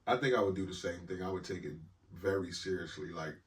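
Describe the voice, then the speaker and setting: Man podcast co-host, very low voice, blunt and laid-back, distant mic. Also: fast. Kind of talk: casual chat.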